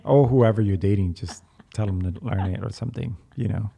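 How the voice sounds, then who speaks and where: A man's voice: lowish voice, fairly quick, gravelly, warm tone, slightly rough. A man chatting casually as a podcast guest, friendly and laughing, often stammering and restarting.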